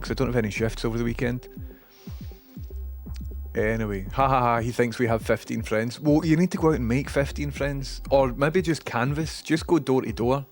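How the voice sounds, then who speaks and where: Chatty Scottish streamer man. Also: mid-range voice. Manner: chatty, rambling, self-mocking. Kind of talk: casual chat reading out viewer messages.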